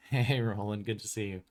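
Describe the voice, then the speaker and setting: A man's voice: fairly low pitch, steady tone, normal speed. A man who publishes tabletop games, talking casually on his stream in a rambling way, full of "um" and "like" and laughing between thoughts. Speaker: tabletop game publisher and show host. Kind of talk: casual livestream chat.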